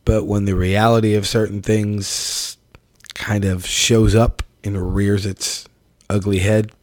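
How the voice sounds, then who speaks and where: Low-voiced frank man closing his show. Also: flat delivery, takes it slowly, darkish tone, dry recording, clean studio sound. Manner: frank, opinionated, profane. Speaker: podcast host. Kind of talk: solo outro commentary.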